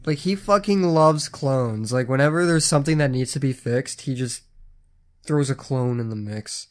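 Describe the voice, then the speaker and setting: A man's voice: mid-range voice, moderate pace. A man co-hosting a casual podcast, with an ordinary mid-range voice. He chimes in with wry, profane questions. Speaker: podcast co-host.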